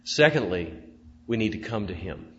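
A man preaching a sermon as pastor, rising to loud emphatic declarations and dropping to soft prayerful tones. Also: on the low side, expressive, moderate pace. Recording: dull sound with long church reverb and faint hum.

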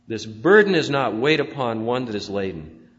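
A man preaching a sermon as pastor, rising to loud emphatic declarations and dropping to soft prayerful tones. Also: mid-range voice, sing-song, moderate pace. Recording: dull sound with long church reverb and faint hum.

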